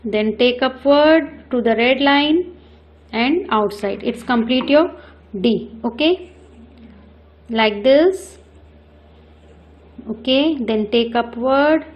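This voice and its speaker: A woman teaching children cursive handwriting, giving slow step-by-step instructions and repeating each stroke. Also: fairly high pitch, dull audio. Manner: switches between English and Hindi.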